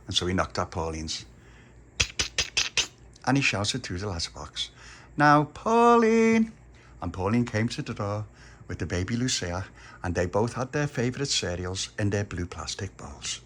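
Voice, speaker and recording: A man telling a folksy story in a lively way. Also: low voice, normal speed, slight background noise.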